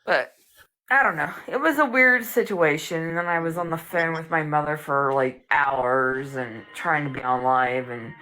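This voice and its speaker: A woman hosting a live stream in casual chat, animated and emphatic, saying "dude" and "like" a lot. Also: low-pitched, moderate pace, soft background music, low-quality recording.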